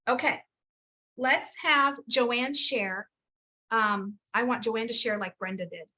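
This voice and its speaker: A woman's voice: on the high side, slow, bright, forceful tone. A woman hosting a casual video call info session, upbeat and chatty, teasing and laughing often. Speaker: host of a health coach program info session.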